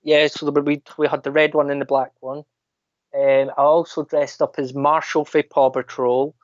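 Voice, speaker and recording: A man with a Scottish accent, a podcast guest telling animated anecdotes in casual chat. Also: on the high side, moderate pace, dry recording. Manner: animated anecdotes, mimics other people's voices. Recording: dull lo-fi dry sound.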